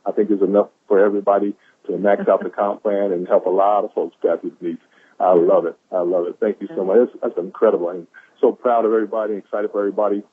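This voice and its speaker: Delivering quotes of the day on a conference call, a man gives a preachy, enthusiastic pep talk and repeats lines for emphasis. His lowish voice is breathy and flat in delivery, his pace fast, and the phone line sounds tinny.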